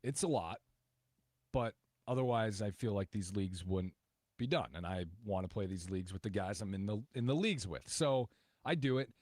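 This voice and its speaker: A man's voice: on the low side, lively intonation, normal speed, darkish tone, no echo, clean studio sound. A man hosting a sports radio show, chatting casually in an easygoing, agreeable way. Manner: easygoing, agreeable, lots of fillers.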